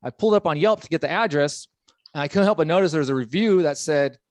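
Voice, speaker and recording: This stand-up set features a young man with a California accent who jokes rapidly and frequently impersonates people in his routines. His voice is on the high side, captured in a dry, clean studio recording.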